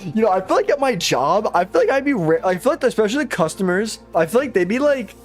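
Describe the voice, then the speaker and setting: A man's voice: high-pitched, very animated, fast talker, faint music behind. A young man trading on a live stream, rambling casually, swearing often, and poking fun at himself. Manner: rambling, profane, self-deprecating. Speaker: live-stream futures trader.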